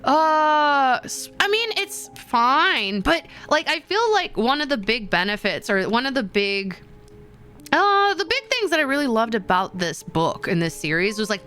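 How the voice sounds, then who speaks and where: A woman streamer chatting casually with her viewers, animated and excitable, with sudden gasps and high squeals. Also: moderate pace, faint music behind. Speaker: VTuber streamer.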